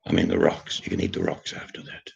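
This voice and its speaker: An Australian man drifts through deadpan tall tales and jokes in casual chat. His voice is very low, gravelly and husky. The recording sounds dull and lo-fi. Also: fast. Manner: joking, meandering, deadpan storytelling.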